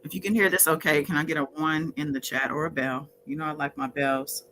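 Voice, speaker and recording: A woman's voice: low voice, steady tone, brisk, fairly bright tone, slight background noise, low-quality recording. A woman hosting a casual livestream, chatting with viewers in the chat by name. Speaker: livestream host.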